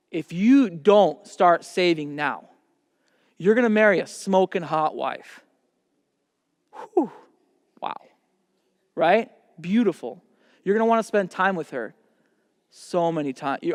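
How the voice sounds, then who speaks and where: A man's voice: on the high side, no room sound, studio quality, long reverb tail. A man giving a seminar talk to young people at a camp, speaking conversationally and emphatically and acting out imagined dialogue.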